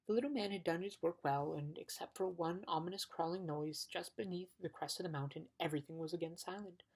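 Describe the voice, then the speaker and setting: A woman's voice: fairly low pitch, fairly quick, breathy edge, low-quality recording. A woman reading a storybook aloud as an audiobook, with occasional stumbles and restarts. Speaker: audiobook reader.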